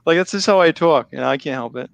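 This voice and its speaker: A man with a Boston accent hosting a live football draft stream, chatty and quick to laugh, starting to lose his voice. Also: fairly high pitch, vocal fry. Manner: chatty, laughs often, restarts phrases. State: losing his voice. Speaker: host. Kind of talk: casual live draft commentary.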